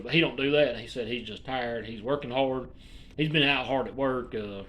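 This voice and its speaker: A man's voice: a little high, a bit bright, slight background noise. A man in his forties with an Alabama accent, ranting casually to his viewers in a rambling, profane, drawling way. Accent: Alabama Southern US. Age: 40s. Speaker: vlogger.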